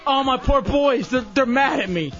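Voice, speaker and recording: A very high-pitched man hosts a radio show while in pain, groaning and exasperated. The sound is a little muffled, and loud music runs under him. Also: expressive, normal speed. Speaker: radio host.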